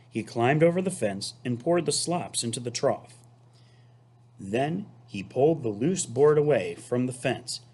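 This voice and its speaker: A man who teaches, reading a children's book aloud to his students in an expressive, unhurried way. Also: mid-range voice, husky. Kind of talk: storybook read-aloud.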